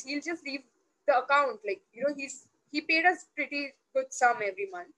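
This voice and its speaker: A woman's voice: high voice, quick pace, rough recording. A woman, telling personal stories as an interview guest, acting out quoted dialogue in a loose, restarting way. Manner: animated, acts out quoted dialogue; loose, restarting, many fillers. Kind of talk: personal storytelling.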